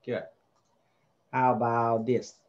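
Guy slowly walking a kid through spelling words, patient, says every sound twice, kinda dull muffled recording. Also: medium pitch, level tone. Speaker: home tutor. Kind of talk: spelling lesson with a child.

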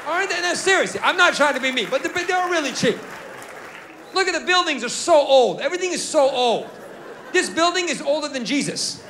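A man doing a stand-up comedy set on a theater stage, animated and incredulous, firing punchy rhetorical questions, with audience laughter behind him. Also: very high voice, brisk, a crowd in the background, noisy background.

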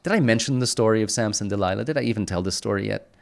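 A man's voice: fairly low pitch, rapid-fire, vocal fry. A man teaching an art lesson over a screen recording, enthusiastic and repetitive, punctuating points with sound effects. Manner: enthusiastic, repeats phrases, punchy sound effects. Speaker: art instructor.

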